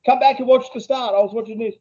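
A man's voice: very high voice, fairly even intonation, quick pace, dark tone, slightly rough, muffled recording. A man co-hosting a podcast, telling rambling crude anecdotes in casual banter. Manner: rambling anecdotes, frequent swearing, laughs at own stories. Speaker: podcast co-host.

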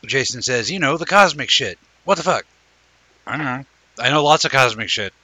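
A man's voice: medium pitch, lively intonation, normal speed, pushed and bright, no echo. A man co-hosting a late-night livestream, chatting loosely and joking with plenty of cursing. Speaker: co-host. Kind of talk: casual livestream chat.

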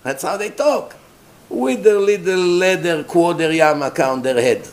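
A rabbi with a high-sitting voice gives an unhurried sermon, telling its story in an animated way. He uses rhetorical questions and mocking asides along the way.

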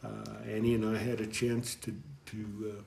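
A middle-aged man telling his life story in an interview, rambling and halting, with frequent chuckles. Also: lowish voice, level tone, a little mellow. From American Southwest. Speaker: guest deacon. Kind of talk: storytelling in conversation. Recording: echoey room.

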